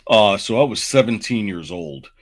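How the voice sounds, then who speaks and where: A man's voice: fairly low pitch, expressive, normal speed, gravelly. A man in his forties, a podcast co-host, telling a long personal story in casual, rambling fashion. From Southern United States.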